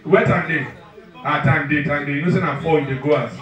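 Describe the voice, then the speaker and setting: A man with a Nigerian accent doing live stand-up and crowd work, loud and teasing, slipping into pidgin as he talks straight to the audience. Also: a little high, fast talker, far from the mic, dull audio. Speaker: stand-up comedian. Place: live comedy venue. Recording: echoey venue, mic heard from afar, crowd noise. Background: audience laughing.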